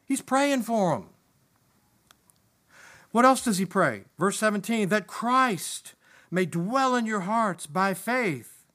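Male preacher with a high voice, impassioned sermon delivery, building to emphatic peaks. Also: expressive, takes it slowly, long pauses, sharp tone. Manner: impassioned, rising to emphatic peaks and dropping low.

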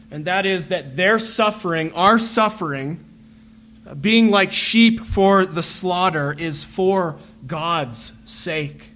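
A man preaching a sermon as a pastor, earnest and deliberate, repeating phrases as he builds a point. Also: high-pitched, fairly bright tone.

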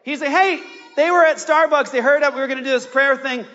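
A man preaches with a very high, bright, forceful voice, telling his story with fervor. His words ring out through a long church reverb. The recording is dull and lo-fi. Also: fast talker. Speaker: pastor. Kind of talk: sermon. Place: church sanctuary.

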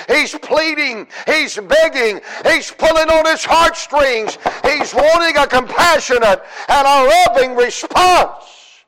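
A man preaching a sermon with passion, dropping to hushed murmurs and rising to shouted cries, stretching key words out slowly. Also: very high voice, low-quality recording. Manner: draws out words slowly for emphasis.

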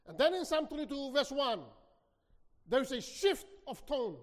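High-voiced preacher with sweeping, dramatic delivery. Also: male voice, sing-song, a little slow, long pauses. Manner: dramatic preaching with wide swings in loudness, bursts of shouting. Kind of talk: sermon. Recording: long hall reverb.

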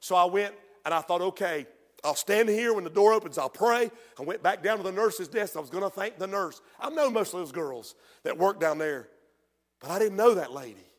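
A man preaching a sermon as pastor, telling a personal story in a hushed voice and then rising into shouted preaching. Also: high voice, animated, normal speed. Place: church sanctuary. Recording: long reverb of a large hall.

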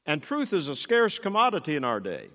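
A man's voice: fairly high pitch, wildly swooping pitch, brisk, pushed and bright, in a large hall. An older man preaching a sermon as pastor, emphatic and rising on key words.

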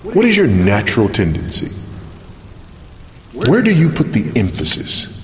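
A man preaching a sermon, earnest and searching, asking pointed questions with pauses for emphasis. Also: medium pitch, huge pitch swings. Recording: long hall reverb.

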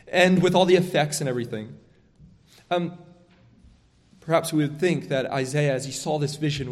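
A man with a slightly raised speaking pitch preaches in an earnest, emphatic manner, often doubling back on his words to press a point. His voice carries the long reverb of a big hall. The delivery is that of a pastor working through a sermon. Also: moderate pace, pauses often.

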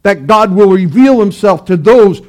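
A male pastor preaching a sermon to his church with emphatic delivery, rising to loud pleading cries. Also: sits high, animated, a little slow.

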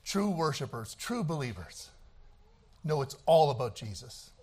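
A male preacher delivers a sermon in a high voice, taking his time over each phrase. He shouts fiery lines, then eases into quieter, conversational stretches. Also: big pitch swings, a little slow, breathy edge.

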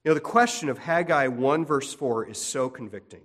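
A man's voice: mid-range voice, animated, normal speed, a bit bright, big-room sound. A man preaching a sermon in an earnest way, repeating key points and often restarting his sentences. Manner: earnest, repetitive emphasis with frequent restarts. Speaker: pastor.

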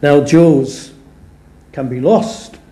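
A man preaching in a church, his delivery slow and deliberate. His voice is mellow and dark, and it rings out into a roomy, echoing sanctuary. He leans on each quoted verse with earnest emphasis. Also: on the high side. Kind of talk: sermon. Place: church or chapel. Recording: echoey church room.

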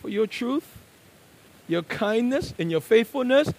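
A man preaching a sermon, moving between quiet, conversational asides and loud, emphatic declarations. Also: very high-pitched, expressive, a little slow, low-quality recording.

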